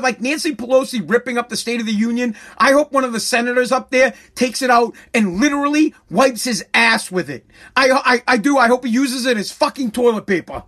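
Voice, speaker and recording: Swinging from loud ridicule to a pretend-calm hush, a political commentator delivers a sarcastic, profanity-laden rant in a mid-range voice.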